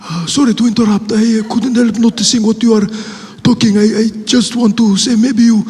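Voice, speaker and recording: A man voicing a polite, hesitant man who interrupts with many pauses and fillers, his voice higher than his usual talk. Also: steady tone, a little mellow, in a large hall, lightly acted. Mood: apologetic. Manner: halting, apologetic, full of uhs. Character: polite hesitant older man from the Middle East. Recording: noisy live stage audio.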